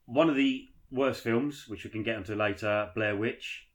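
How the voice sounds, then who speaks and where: A man's voice: fairly low pitch, normal speed, a crowd in the background. A man chatting casually as a podcast co-host, swearing freely and rambling through his stories. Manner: sweary, rambling, animated storytelling. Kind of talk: casual chat.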